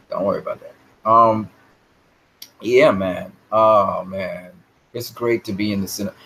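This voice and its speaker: Rambling, opinionated man with a lowish voice. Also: fairly bright tone, slight background noise, low-quality recording. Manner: rambling, opinionated, repeats words. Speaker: live stream host answering chat. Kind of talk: casual live chat movie talk.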